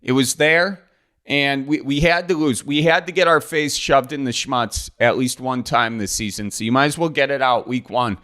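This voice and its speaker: A man's voice: medium pitch, normal speed, sharp tone. A man, hosting his podcast in a folksy, joking, rambling way. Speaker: podcast host. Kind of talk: casual solo podcast intro.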